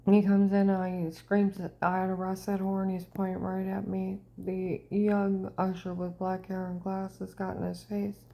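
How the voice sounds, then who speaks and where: A woman giving a personal testimony monologue, often dropping into a hushed whisper. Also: medium pitch, monotone, a little slow, vocal fry, hardly any pauses. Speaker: person telling her own story.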